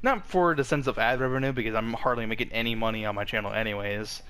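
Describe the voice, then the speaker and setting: A man's voice: lowish voice, fast, fairly bright tone, clean tone. A young man hosting his channel, talking casually and rambling, with frequent restarts as he tries to say everything at once. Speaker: channel host. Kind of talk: casual vlog update.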